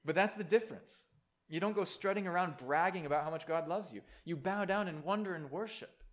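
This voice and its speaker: A man's voice: sits high, fairly quick. A man preaching a sermon in a conversational way, with playful asides.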